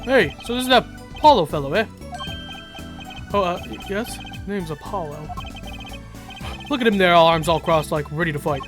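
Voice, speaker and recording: A gruff, chatty noodle vendor who talks like everyone's an old pal, played by a streamer reading a game. He leans on a folksy "eh?" at the end of his lines. Game music plays clearly underneath. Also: medium pitch, lively intonation, normal speed, long pauses, natural voice. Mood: pushy. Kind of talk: voice acting a game playthrough.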